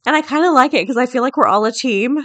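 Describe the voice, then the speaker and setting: Quick and fairly bright, her high-pitched voice carries a daily podcast she hosts as a middle-aged woman. Her talk is casual and unscripted, full of laughter, with headlines read aloud along the way.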